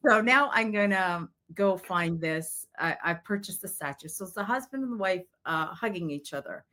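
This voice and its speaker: A woman's voice: mid-range voice, lively intonation, moderate pace, hardly any pauses, pushed and bright. A middle-aged woman, a psychic medium, telling a story in an interview and acting out the quoted voices.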